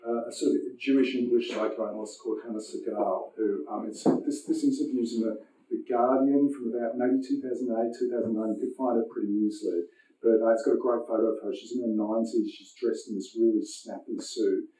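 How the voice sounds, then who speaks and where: Middle-aged philosopher guest, mellow voice, animated and swearing, heard from a distant mic in a roomy space. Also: male voice, mid-range voice, fairly quick. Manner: animated, profane, many restarts and fillers. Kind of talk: casual conversational interview. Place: lecture room.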